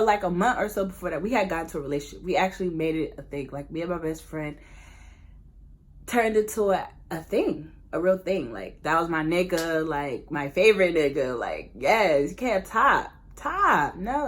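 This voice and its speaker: A young woman talking straight to her viewers in a casual storytime vlog, candid and animated. Her voice sits a little low for a woman, and she jumps between slang, laughter and earnest confession. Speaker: vlogger.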